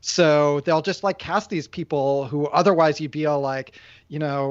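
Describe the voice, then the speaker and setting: A man's voice: fairly high pitch, moderate pace. A man hosting a podcast in casual chat, rambling with lots of filler words. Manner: rambling, heavy use of "like". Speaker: podcast host. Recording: dry, dull lo-fi sound.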